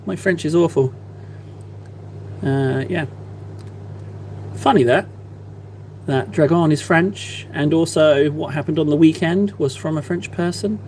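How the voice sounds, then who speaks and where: A man with a slightly higher-than-usual voice chats playfully with his live-stream viewers while he paints miniatures, teasing them in a mock-innocent way. A faint hum sits under the recording. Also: a little slow, pauses often, darkish tone. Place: at a desk, painting.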